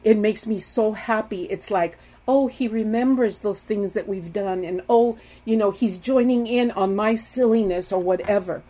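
A middle-aged woman giving an earnest talk on marriage and intimacy, pleading with her listeners, swinging from loud emphasis to soft hushed lines. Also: medium pitch, normal speed, hardly any pauses. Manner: earnest, pleading, addresses viewers as "people". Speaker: Christian marriage teacher. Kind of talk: earnest teaching talk to viewers.

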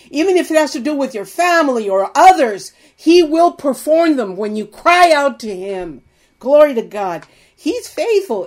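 A woman's voice: fairly high pitch, a little mellow. A woman preaching a sermon, reading scripture aloud and speaking fervently and emphatically.

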